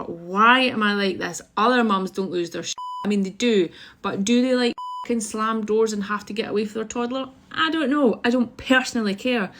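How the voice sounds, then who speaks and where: A Scottish woman, a mother, talking frankly to camera in a casual rant, blunt and full of swearing. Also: medium pitch. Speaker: mother vlogging about parenting.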